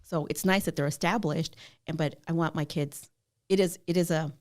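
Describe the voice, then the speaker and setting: A middle-aged woman guest telling stories in a casual interview, animated and laughing often. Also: deep voice, normal speed. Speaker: podcast guest.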